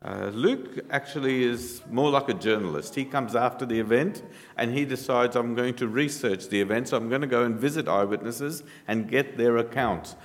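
Pastor preaching in a reverberant hall. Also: male voice, mid-range voice. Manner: explanatory teaching, rhetorical questions to the congregation. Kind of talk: sermon. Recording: long reverb in a large hall.

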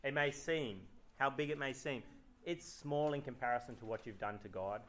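A man's voice: medium pitch, moderate pace, a bit bright. A man preaching a sermon in church, reading scripture aloud and asking the congregation rhetorical questions. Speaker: pastor.

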